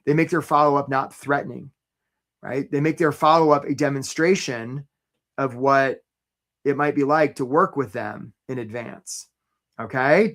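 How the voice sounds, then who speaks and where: A man hosting a live career webinar, chatty and energetic, tagging his points with "right?" and calling out attendees by name. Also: on the high side, normal speed. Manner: chatty, rhetorical "right?" tags, shout-outs to attendees.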